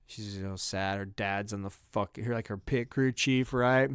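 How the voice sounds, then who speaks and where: A man telling a comedic story on a podcast, profane and animated, with sudden loud bursts. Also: mid-range voice, moderate pace, clean tone, no echo, clean studio sound. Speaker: podcast co-host.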